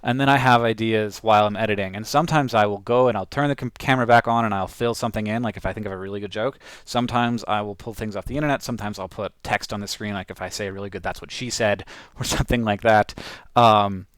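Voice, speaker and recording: A man's voice: lowish voice, fairly even intonation, fast, fairly bright tone, clear, resonant tone, dry recording. A man casually talking through his own video edit, rambling with lots of fillers and restarts. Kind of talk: casual talk-through while editing.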